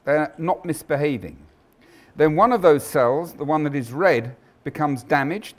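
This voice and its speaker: A man giving a scientific lecture, emphatic and animated, with frequent ums and restarts. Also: a little high. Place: lecture hall.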